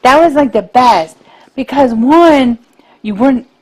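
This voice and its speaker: A woman in her thirties co-hosting a podcast, chatting casually and gushing with excitement about films she loves. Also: sits high, unhurried. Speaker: podcast co-host. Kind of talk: casual chat.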